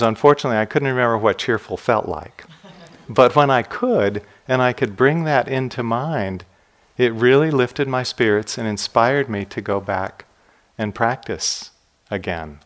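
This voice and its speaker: A man who teaches meditation, giving a dharma talk in an unhurried storytelling way. He speaks gently and reflectively, and the ends of his phrases drop soft and low. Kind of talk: dharma talk with personal stories.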